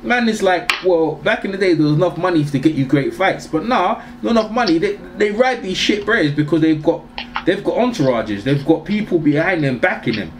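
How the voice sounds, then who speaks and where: A man's voice: fairly high pitch, expressive, brisk. A man with a London accent co-hosting a casual boxing chat, using streetwise slang and swearing. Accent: London English. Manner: streetwise slang, swears, says "bruv" and "innit" a lot. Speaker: boxing show co-host.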